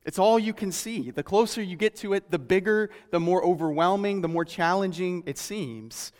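Earnest male preacher, slightly high voice, slows for emphasis; sermon taped in a reverberant hall. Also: a little mellow.

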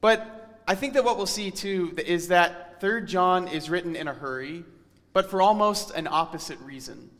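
A man preaching a sermon in an earnest, emphatic way, slowing down to read scripture aloud. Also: high voice, fairly bright tone, big-room sound.

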